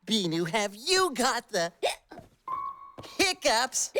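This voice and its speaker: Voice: medium pitch, very animated, drawn-out words, music in the background. A performer voicing a cheerful, giggly male cartoon creature who eagerly helps his friend, with exclamatory, sing-song delivery in a preschool cartoon. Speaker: cartoon lead character.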